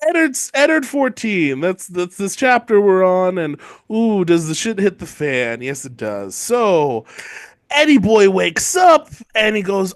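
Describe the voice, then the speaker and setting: High-voiced man recapping with irreverent jokes. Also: expressive, clear, resonant tone, dry recording, studio quality. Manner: irreverent, swears, mocks characters in quick impressions. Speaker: podcast co-host. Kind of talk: casual comedic book recap.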